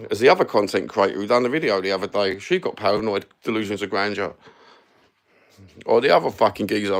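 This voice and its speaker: A Cockney man ranting sarcastically and swearing constantly as he chats on a live stream. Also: fairly low pitch. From London. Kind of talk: casual live-stream rant.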